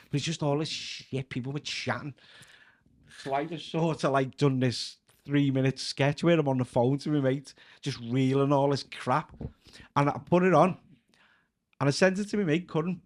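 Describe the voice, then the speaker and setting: A man's voice: a little high, steady tone, normal speed. A man with a Scouse accent, a comedian guest telling casual stories on a podcast, chatty and laughing often. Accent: Scouse (Liverpool). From Liverpool, England. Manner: chatty, breaks into laughter, leans on filler "like". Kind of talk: casual anecdotal storytelling.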